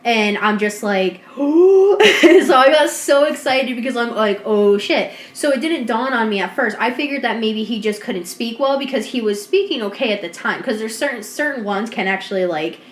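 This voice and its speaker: Animated woman telling stories in a roomy space. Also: on the high side, moderate pace, hardly any pauses. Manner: animated, swearing, acts out quotes. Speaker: podcast co-host. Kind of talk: casual storytelling chat. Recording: roomy echo.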